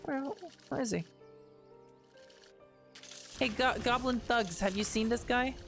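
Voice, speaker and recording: Soft background music plays as a woman with a bright, high-leaning voice streams a game at a slow pace. She chats casually and playfully, reading the game's lines out loud, joking, laughing a lot and swearing now and then.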